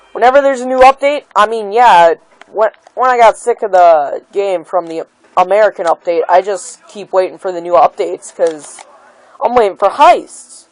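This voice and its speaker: A woman's voice: mid-range voice, no echo, low-quality recording. A woman giving a heated opinion rant about a video game, full of exasperation and many "like" and "um" fillers. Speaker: gaming video maker.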